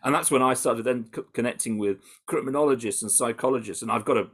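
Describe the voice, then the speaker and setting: A British man answering interview questions in an animated, conversational way, with frequent restarts and fillers. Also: mid-range voice, quick pace, slightly rough. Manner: animated, full of restarts and "you know". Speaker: campaigner interviewed about undercover research.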